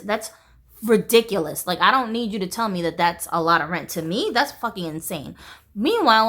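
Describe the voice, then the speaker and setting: A woman's voice: mid-range voice, fairly bright tone. A woman vlogger venting in a casual monologue, blunt, profane and exasperated.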